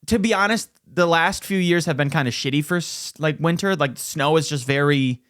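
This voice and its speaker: A man's voice: a little high, normal speed, a bit bright, clear, resonant tone, no echo, clean studio sound. Laid-back, cursing young podcast host man. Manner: laid-back, swears often. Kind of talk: casual chat.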